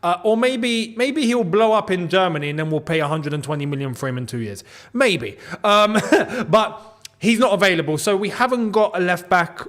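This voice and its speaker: A young man hosting a live football watchalong, chatty and quick to laugh as he talks to his viewers. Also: fairly high pitch, fairly bright tone. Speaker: football channel host.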